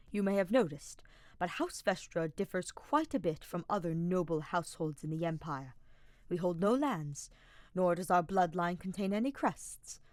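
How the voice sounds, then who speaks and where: A woman's voice: lowish voice, no room sound, close to an everyday voice. A woman reading a fan-fiction audiobook, voicing a sardonic young male mage who explains in a dry, formal way.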